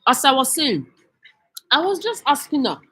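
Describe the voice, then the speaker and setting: A woman's voice: high voice, sing-song, normal speed, sharp tone, poor audio. Furious Nigerian woman ranting. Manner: cursing, scolding, mixes in Pidgin. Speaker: vlogger. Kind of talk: angry rant monologue.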